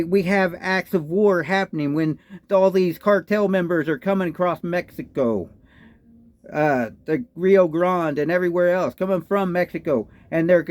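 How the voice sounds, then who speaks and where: A high-voiced man with a Texan drawl rants in indignant political commentary, hammering his points with repeated rhetorical questions. His voice is recorded close and dry, with no room sound. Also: no echo. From Texas. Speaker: political vlogger. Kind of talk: ranting commentary.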